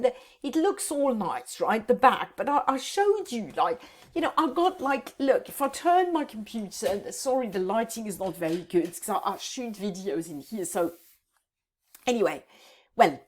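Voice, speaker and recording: Woman, 50s, vlogger, emotional, halting, close to tears, higher voice. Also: a little mellow. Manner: halting, repeats words, tearful. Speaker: decluttering vlogger. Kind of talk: emotional vlog to camera. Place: home office.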